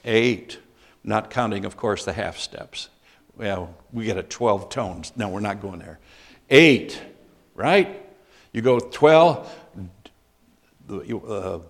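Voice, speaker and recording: A man's voice: lowish voice, expressive, slow, vocal fry, pauses often. A man teaching a Bible class in a conversational way, asking the group questions as he explains scripture.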